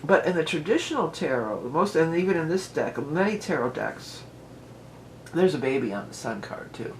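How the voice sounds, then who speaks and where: A woman's voice: low-pitched, sing-song, normal speed, a little hiss or hum. A woman giving a casual tarot reading at home. She talks in a chatty, rambling way and often wanders into asides. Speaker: tarot reader. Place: at home with a dog nearby.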